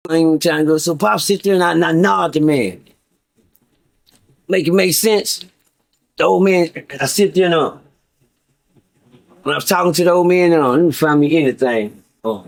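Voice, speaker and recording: Profane middle-aged man, higher voice. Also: normal speed, vocal fry, long pauses. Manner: profane, repetitive, stammering restarts. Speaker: guest storyteller. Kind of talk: casual storytelling to viewers.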